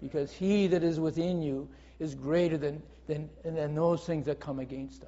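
Man, preacher, earnest sermon, repeats phrases, somewhat high voice, dull lo-fi sound. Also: fairly even intonation, moderate pace, warm tone. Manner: earnest, reads scripture aloud then expounds, repeats phrases. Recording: dull audio with long hall reverb.

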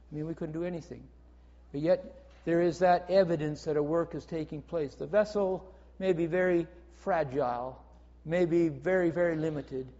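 A man's voice: on the high side, dark tone. A man preaching a sermon in an earnest way, reading scripture aloud and explaining it, often repeating his phrases. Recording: dull audio with long hall reverb.

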